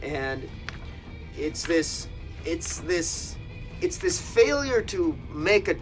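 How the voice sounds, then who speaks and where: A man's voice: on the high side, very animated, drawn-out words, soft background music. A man reviewing a comic book in a casual video, critical and exasperated, talking with many fillers and restarts.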